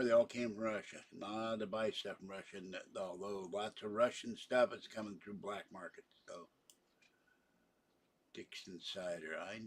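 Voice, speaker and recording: Husky, rambling male livestream host. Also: on the low side. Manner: rambling and digressive, with many fillers. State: tired, yawning. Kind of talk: casual livestream chat.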